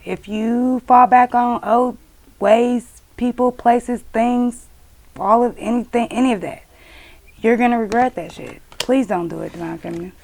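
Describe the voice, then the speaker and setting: A woman's voice: a little high, measured pace, gravelly, darkish tone. A woman giving a casual tarot reading, blunt and profane, scolding and emphatic. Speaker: tarot reader.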